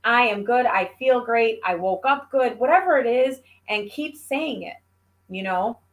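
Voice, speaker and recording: A woman's voice: fairly high pitch, measured pace. A woman chatting casually as a guest, telling stories animatedly and acting out the voices of the people she quotes. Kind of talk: casual chat.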